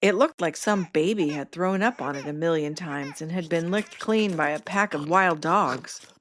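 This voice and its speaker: A woman's voice: deep voice, moderate pace. A woman, the podcast host, reading her memoir aloud in the first person, with wry self-mocking humor.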